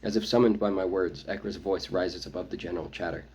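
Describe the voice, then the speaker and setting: A man reading his own novel aloud, first-person audiobook narration with a measured, brooding delivery. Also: low voice, steady tone, darkish tone, breathy edge, rough recording.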